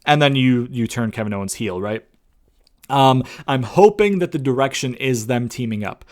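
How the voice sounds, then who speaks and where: A man's voice: medium pitch, animated, moderate pace. A man giving a casual, rambling spoken review of a wrestling show, with many fillers and casual swearing. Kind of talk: casual recap commentary.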